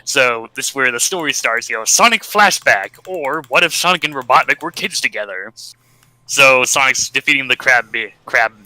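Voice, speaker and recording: A man's voice: mid-range voice, lively intonation, moderate pace, bright, forceful tone, poor audio. A man recapping a comic in casual podcast chat, laughing often and slipping into quoted voices. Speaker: podcast co-host.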